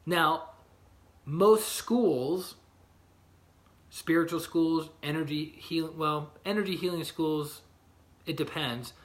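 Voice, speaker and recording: A middle-aged man with a slightly higher voice talks informally as an energy healer. He speaks from his own healing room, chatty and loose, often asking "right?". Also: takes it slowly, pauses often. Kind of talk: casual livestream talk.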